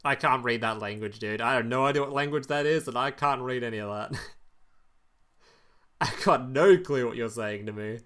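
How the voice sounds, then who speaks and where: This is a young man talking on his own live stream in an easy, unscripted way. He swears freely, chuckles often and stumbles through restarts as he reacts to chat. His voice sits at an ordinary middle pitch. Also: normal speed, a bit bright. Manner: loose and profane, trips over words, chuckles often.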